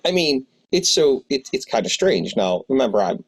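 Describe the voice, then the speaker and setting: A man's voice: medium pitch, sing-song, moderate pace, background noise. A man in his fifties who owns a tabletop game shop, telling rambling anecdotes with many restarts in an interview. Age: 50s. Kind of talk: storytelling interview.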